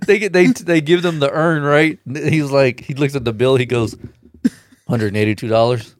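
Young guy swearing and laughing through a movie recap, bit high voice, dry close sound. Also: a little slow, long pauses, no room sound. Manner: animated storytelling, swears a lot, laughs often, acts out lines. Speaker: friend retelling a movie. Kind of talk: casual chat among friends.

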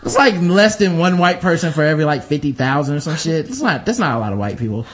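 A man's voice: on the high side, expressive, fast talker. A man in casual podcast chat, rambling through comic riffs full of swearing and mock voices.

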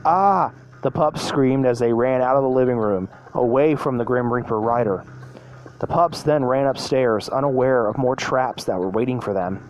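A man at a middle pitch reading a spooky children's story aloud. He often stumbles and restarts words mid-line, giving it a homemade read-aloud feel. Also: moderate pace, a little mellow. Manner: reads with frequent restarts. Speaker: storyteller, podcast host.

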